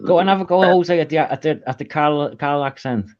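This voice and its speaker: A man's voice: fairly high pitch, a little fast, no room sound. Teasing middle-aged Scouse man. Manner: jokey, teasing, laughs often. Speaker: co-host. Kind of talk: casual online voice chat. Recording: dry, dull lo-fi audio.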